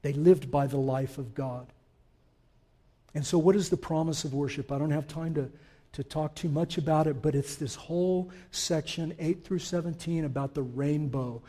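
Man preaching, surging to loud emphasis. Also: a little high, normal speed. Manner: swells from quiet explanation to loud emphatic declarations; conversational asides to the congregation. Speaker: pastor. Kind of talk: sermon.

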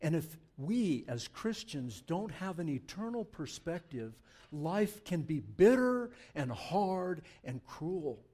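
Man, pastor, sermon, mellow tone, slightly high voice, emphatic, conversational. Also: takes it slowly, hardly any pauses, breathy edge. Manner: conversational, animated, emphatic preaching. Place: church.

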